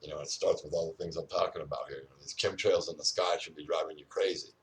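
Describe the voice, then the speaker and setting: A man's voice: extremely low pitch, fairly even intonation, fast, distant mic, slight background noise. An older man rambling and ranting outdoors, full of "you know" fillers. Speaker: vlogger.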